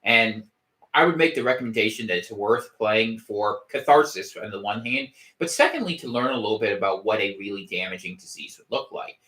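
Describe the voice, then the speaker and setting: A man's voice: on the low side, expressive, fairly quick, pushed and bright. A man hosting a casual podcast livestream from home, rambling with wry gallows humor and frequent restarts. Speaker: podcast host. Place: home room.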